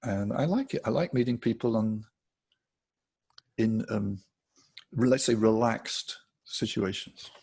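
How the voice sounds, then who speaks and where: Man, English accent, older, low gravelly voice, husky, chatty storyteller, interview guest. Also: a little slow, pauses often, darkish tone. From England. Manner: chatty, laughs often while telling anecdotes. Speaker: guitarist guest.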